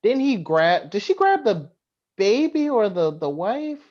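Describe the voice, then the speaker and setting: A woman's voice: mid-range voice, sing-song, unhurried, darkish tone, muffled recording. A woman co-hosting a podcast, chiming in with questions and reactions during a movie review. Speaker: podcast co-host. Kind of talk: casual movie review chat.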